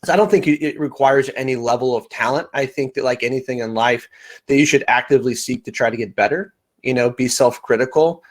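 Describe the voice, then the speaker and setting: A man's voice: mid-range voice, brisk. A man, a podcaster, speaking informally as a panel guest and often repeating words as he starts a sentence. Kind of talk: casual panel discussion.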